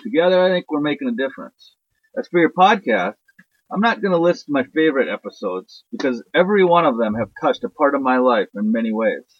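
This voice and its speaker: A man's voice: medium pitch, animated, fairly quick, dry recording, muffled recording. A man leaving a recorded voice message for a podcast host, joking and heartfelt in turn. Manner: jokey, upbeat, heartfelt.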